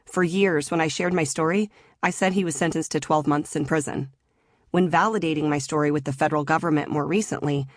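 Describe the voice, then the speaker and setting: Low-voiced woman reading her memoir. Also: no room sound, studio quality. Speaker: author narrating her memoir. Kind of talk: audiobook memoir narration.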